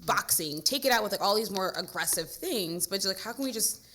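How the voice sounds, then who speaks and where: A woman's voice: medium pitch, expressive, a little fast, sharp tone, a little hiss or hum. A woman hosting a casual interview, affirming often with small listening sounds. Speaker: podcast host.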